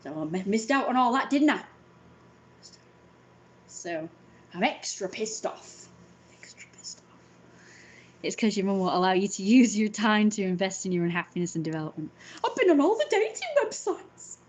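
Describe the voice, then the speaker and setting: A woman's voice: medium pitch, big pitch swings, normal speed, rough recording. A woman in her thirties in a casual, sweary vlog rant, wry and self-mocking and often laughing. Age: 30s.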